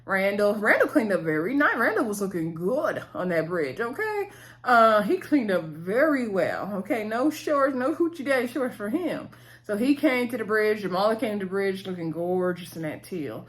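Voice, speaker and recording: A woman's voice: mid-range voice, big pitch swings, moderate pace, hardly any pauses. Chatty woman recapping a show. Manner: chatty, talks to viewers as "y'all", laughs often. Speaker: reality TV recap vlogger.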